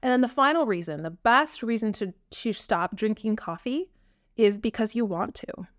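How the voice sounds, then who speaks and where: A woman's voice: on the high side, lively intonation, moderate pace, no room sound, studio quality. A woman hosting her own podcast, talking earnestly and frankly with frequent ums in a casual solo chat. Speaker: podcast host.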